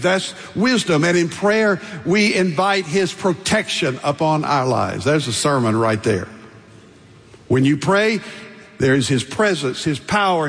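Older male preacher, ringing hall. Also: on the high side. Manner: emphatic preaching with repeated lists and rising stresses. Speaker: pastor. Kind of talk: sermon.

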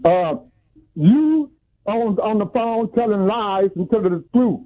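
A man's voice: sits high, lively intonation, unhurried, no room sound. A man calling a radio show, insistent and repeating himself, on a muffled phone line. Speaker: caller. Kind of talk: angry call-in radio rant. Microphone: telephone, muffled.

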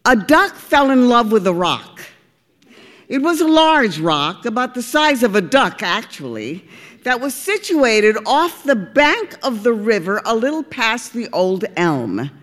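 A woman narrating a storybook, expressive and deliberate. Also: a little high, in a large hall. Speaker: audiobook reader.

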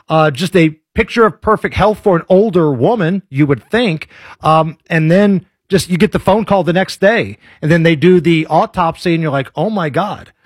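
Blunt, husky-voiced talk host. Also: male voice, sits high, dry recording. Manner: blunt, conversational. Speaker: political talk show host. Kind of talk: opinionated commentary.

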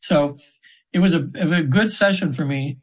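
A hypnotherapy practitioner in his seventies appears as a guest in a casual storytelling interview, earnestly meandering through stories of his sessions with many restarts. His voice is on the high side and a little slow, captured in a rough recording.

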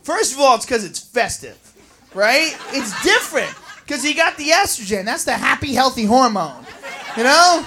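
Male stand-up comic, high, lively delivery, live club with roaring crowd. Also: normal speed, a little hiss or hum. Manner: profane, shouting, animated. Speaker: stand-up comedian. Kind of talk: stand-up comedy. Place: comedy club stage.

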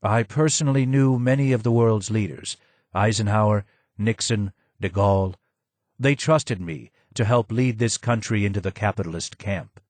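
Hoarse, low old recluse, slow and grim, dry close sound, read by a male narrator. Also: darkish tone, no room sound, natural voice. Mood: sad. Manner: slow, heavy, grave. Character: broken, hidden old man, sad and wary. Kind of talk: audiobook character voice.

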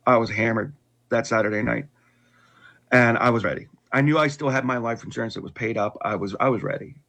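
Casting: middle-aged man with a husky voice, candid and unpolished, sharing a hard personal story. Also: medium pitch, a little fast, fairly bright tone. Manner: candid, with frequent restarts and wry laughs. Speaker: guest telling his conversion story.

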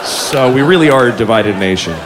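A man doing animated, profane, self-mocking stand-up storytelling. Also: medium pitch, fairly quick, crowd noise. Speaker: stand-up comedian. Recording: live club with audience and noise.

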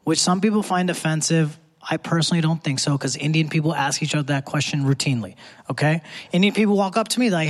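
A man's voice: a little high, fast talker. A young man performing a live stand-up comedy set on a theater stage, with punchy conversational delivery. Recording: live theater crowd and hall noise.

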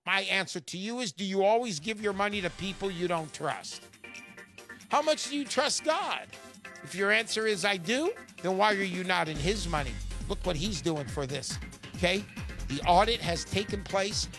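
A man hosting a call-in radio show, brash and salesy, turning loud for emphasis. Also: high-pitched.

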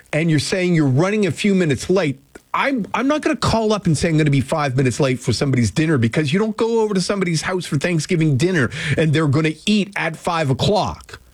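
A man's voice: on the high side, no room sound. Chatty radio host man, dry studio sound. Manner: rambling, chatty, self-deprecating. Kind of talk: casual morning radio chat. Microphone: studio microphone.

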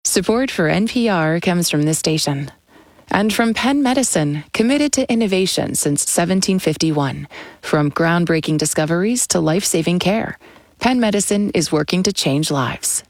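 A woman reading scripted radio sponsor messages in a smooth promotional manner. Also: fairly low pitch, lively intonation, normal speed, dry recording.

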